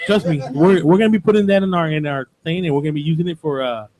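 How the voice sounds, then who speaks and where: A man's voice: a little high, fast talker, darkish tone. A middle-aged man hosting a radio show in casual chat, rambling and repeating himself.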